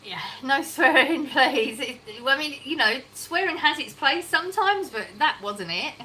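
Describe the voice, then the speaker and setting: A woman's voice: sits high, lively intonation, measured pace, bright, forceful tone, a little hiss or hum, low-quality recording. A woman with an English accent hosting a casual livestream from her kitchen, reading chat comments aloud and laughing often. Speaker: livestream host. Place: home kitchen.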